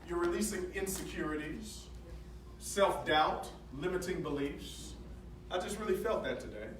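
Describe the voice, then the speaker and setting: A man giving an energetic, preacher-like motivational talk at a sales training, leading call-and-response and joking with the audience. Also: sits high. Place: large hall with a live audience. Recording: echoey hall with crowd noise, from far off.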